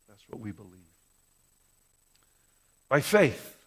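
A man's voice: on the high side, expressive, unhurried, gravelly, pauses often, a bit bright. A male pastor delivering an impassioned sermon, full of rhetorical questions and repeated words, in a church. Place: church sanctuary. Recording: long reverb of a large hall.

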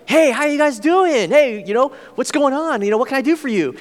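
A man's voice: extremely high pitch, expressive, fairly quick, in a large hall, pitched above the performer's own voice. A man voicing an overly friendly young male college student who eagerly welcomes visitors, in an upbeat manner. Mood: welcoming.

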